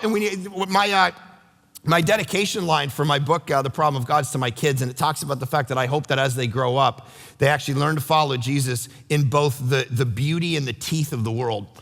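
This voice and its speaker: A middle-aged man preaching a sermon as pastor, animated and acting out quotes in voices. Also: a little high, a little fast, gravelly, in a large hall. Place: church sanctuary.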